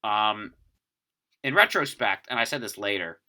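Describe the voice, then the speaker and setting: A man's voice: lowish voice, a little slow. A man casually telling a rambling, profane story to friends in a group chat. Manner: rambling, profane, animated retelling.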